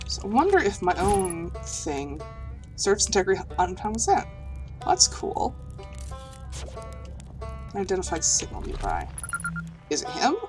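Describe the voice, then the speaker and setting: A woman's voice: medium pitch, huge pitch swings, unhurried, pauses often, over music, rough recording. Woman giving wry let's play asides. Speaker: streamer playing a video game. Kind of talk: casual let's play commentary.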